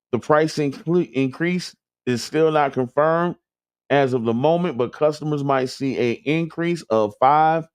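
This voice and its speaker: A man's voice: fairly high pitch, a little mellow, clean tone, dry recording. A man from the Tampa Bay area, hosting a community radio show in loose, joking chat aimed straight at listeners. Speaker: radio host. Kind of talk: casual talk radio chat.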